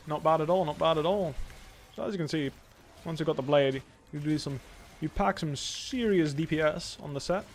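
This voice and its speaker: A young man giving live commentary while playing a video game, thinking aloud in a calm, analytical way. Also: fairly high pitch, moderate pace, a little hiss or hum. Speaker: pro gamer streaming.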